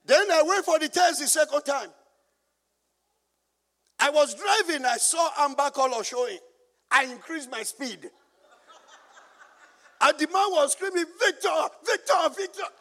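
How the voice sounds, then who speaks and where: Nigerian pastor, very high pitch, sermon with call-and-response and humor, big reverberant hall. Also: male voice, expressive, unhurried, long pauses, sharp tone. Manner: call-and-response preaching, asking the congregation to finish his lines; storytelling with humor.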